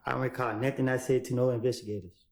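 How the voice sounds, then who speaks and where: A man gives quick, evasive answers on the witness stand. His testimony is full of street slang and spoken in a courtroom. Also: mid-range voice, steady tone, a little mellow. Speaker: trial witness.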